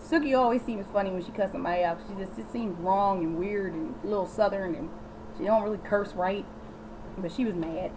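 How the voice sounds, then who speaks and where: A woman's voice: medium pitch, brisk, background noise. Sassy woman vlogger recapping a show. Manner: sassy, animated, talks straight to the viewer. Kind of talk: casual chatty recap.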